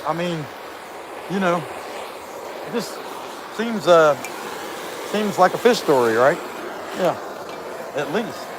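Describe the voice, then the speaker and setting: Animated, high-voiced chatty man. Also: takes it slowly, long pauses, noisy background. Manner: animated, chatty, folksy with many fillers. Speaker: chainsaw carver. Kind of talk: casual rambling storytelling.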